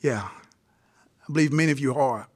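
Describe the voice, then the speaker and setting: A man's voice: mid-range voice, moderate pace. A man preaching an impassioned sermon at a seminary gathering, repeating phrases and addressing his listeners directly.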